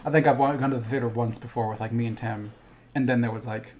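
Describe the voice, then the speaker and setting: A man's voice: medium pitch, steady tone, fast, a little mellow. A man co-hosting a casual chat, rambling and swearing as he trades opinions with a friend. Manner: rambling, profane, agreeable. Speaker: co-host.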